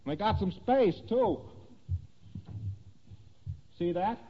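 A man's voice: sits high, very slow, slight background noise. Lecturing man in a dull echoing hall. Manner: conversational, animated, asking "see that?". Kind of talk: lecture explaining diagrams. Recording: dull lo-fi recording in a reverberant hall.

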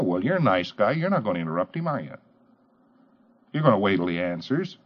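A man giving a lecture to trainees, emphatic, firing off rhetorical questions and mimicking the people he talks about. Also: mid-range voice. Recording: dull lo-fi old tape.

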